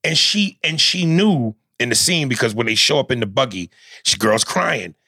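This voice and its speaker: A man co-hosting a casual talk show, retelling a film scene with lively, animated delivery. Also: mid-range voice, moderate pace, no echo, studio quality. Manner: animated storytelling, acting out scenes in mimicked voices. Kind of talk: casual chat.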